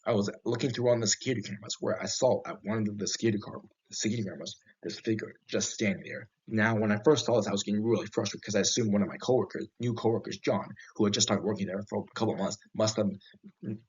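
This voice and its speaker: Husky man telling a scary story. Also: on the low side, steady tone, a little mellow. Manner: halting, with frequent restarts and fillers. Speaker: horror story narrator. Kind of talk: first-person storytelling. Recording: dull lo-fi recording.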